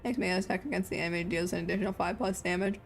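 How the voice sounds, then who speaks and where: A woman's voice: fairly low pitch, racing, creaky, soft background music. A young woman streaming a video game, chatting casually with her viewers and muttering to herself, a self-described mumbler. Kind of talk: casual live-stream chatter while playing.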